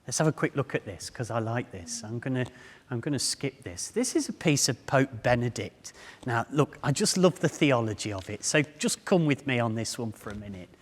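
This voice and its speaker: A man in his fifties gives a public talk in a medium-pitched, animated voice at a moderate pace. He tells humorous stories and addresses the audience directly, with the long reverb of a hall behind him.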